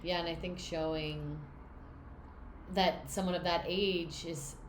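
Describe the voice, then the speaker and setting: Low-voiced young woman in a roomy space. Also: fairly even intonation, takes it slowly, slight background noise. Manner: rambling, teasing, restarts sentences. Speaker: podcast co-host. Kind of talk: casual book-club chat.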